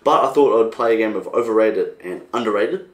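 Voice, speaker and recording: A man's voice: on the low side, fairly quick. Rambling young Australian man in an echoey room. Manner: rambling, animated, swears casually. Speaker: podcast host. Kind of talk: casual solo monologue.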